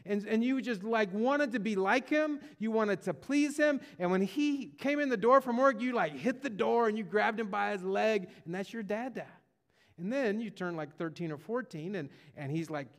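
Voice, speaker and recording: A man's voice: high voice, fairly bright tone. A man preaching a sermon in a conversational way, often repeating words and restarting, and rising with feeling as he speaks. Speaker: pastor.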